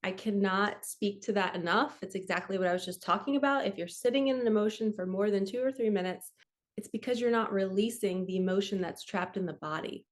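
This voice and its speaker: A woman spiritual coach reads from a book to her camera and adds her own thoughts. Her voice is gentle and earnest, and she laughs easily. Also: mid-range voice, brisk. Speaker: spiritual coach and card reader. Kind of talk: casual reading aloud from a book with commentary.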